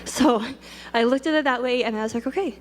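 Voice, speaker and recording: A woman's voice: a little high, a little fast. A young woman telling a personal story in a chatty, rambling way. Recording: long reverb.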